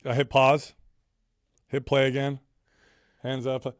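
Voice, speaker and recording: Dude guesting on a podcast, all excited telling a story, mid voice, dry close sound. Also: male voice, mid-range voice, slow pace, long pauses, no room sound. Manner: excited, animated storytelling, says "bro". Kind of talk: casual chat.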